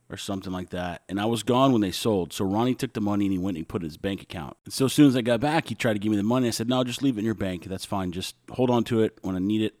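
Low-voiced man telling blunt stories. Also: darkish tone, no echo, studio quality. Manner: blunt, ranting and wry. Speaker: podcast host. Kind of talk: casual storytelling monologue.

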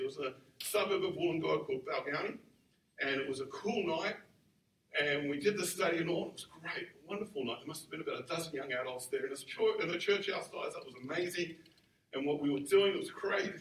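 A man's voice: on the high side, fairly bright tone. A man in his forties, a pastor, telling a personal story in a sermon in a conversational, self-deprecating way. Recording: roomy hall from a distant mic, faint noise.

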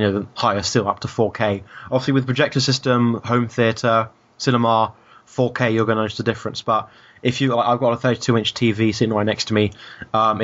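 A man's voice: fairly low pitch, a bit bright. A man from the UK co-hosting a casual podcast, rambling with lots of fillers and restarts. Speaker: podcast co-host. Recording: dull lo-fi podcast audio.

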